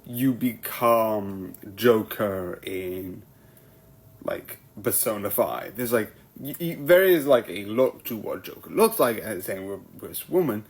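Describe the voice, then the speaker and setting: A man's voice: lowish voice, animated, takes it slowly. A man from Britain reviewing a show in a casual vlog, rambling with many fillers and restarts. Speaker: video reviewer and streamer.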